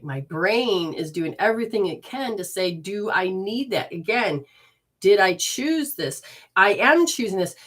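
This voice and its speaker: A woman from Michigan hosting a livestream from her living room, giving an informal spiritual teaching and reading viewer comments aloud. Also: mid-range voice. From Michigan, USA. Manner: expressive, reads viewer comments aloud warmly.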